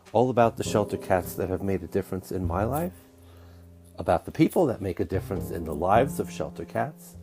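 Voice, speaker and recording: A man's voice: on the low side, gravelly, mellow. Scratchy-voiced man hosting a cat podcast. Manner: chatty, enthusiastic, self-deprecating. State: scratchy voice, getting over illness. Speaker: podcast host. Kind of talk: solo podcast intro.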